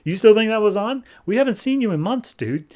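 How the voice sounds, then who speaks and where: A man plays an exasperated older scientist who is done with a former friend. The voice is pushed much higher than the performer's own and sounds dismissive and sharp. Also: expressive, fairly quick. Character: fed-up older male scientist, angry ex-friend.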